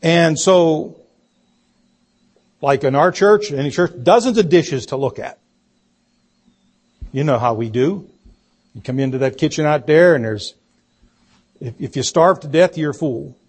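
A man preaching a sermon, telling a story slowly and deliberately and acting out the quoted voices. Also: a little high, expressive, darkish tone, breathy edge. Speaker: pastor.

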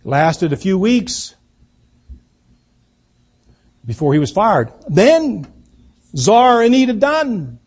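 A man giving a political speech, slow and emphatic, repeating key words for effect. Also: high-pitched, sing-song, darkish tone, slightly rough. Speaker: political speaker.

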